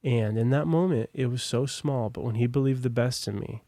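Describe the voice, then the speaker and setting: A man's voice: medium pitch, normal speed, mellow, no room sound. A young American man on a podcast, telling his own story in a casual, rambling way with lots of fillers and asides. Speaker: podcast guest.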